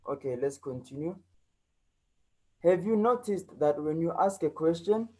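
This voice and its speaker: South African male English teacher, mellow voice, higher than most men, repeats points for learners. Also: low-quality recording. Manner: repeats key points, checks in with "okay?" and "right?". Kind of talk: online lesson.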